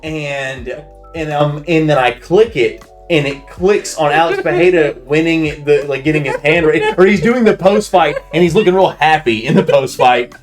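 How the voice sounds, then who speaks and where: Podcast co-host, male, thirties. Somewhat high voice, swears freely, acts out loud reactions while telling a story. Faint music behind. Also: normal speed. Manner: profane, acts out shouted reactions. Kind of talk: casual chat, animated storytelling.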